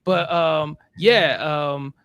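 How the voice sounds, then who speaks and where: A man's voice: on the high side, extremely slow, a bit bright, clean tone, no echo, studio quality. A man co-hosting a podcast, chatting casually and thoughtfully about a TV episode, with many fillers. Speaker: podcast co-host. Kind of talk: casual recap chat.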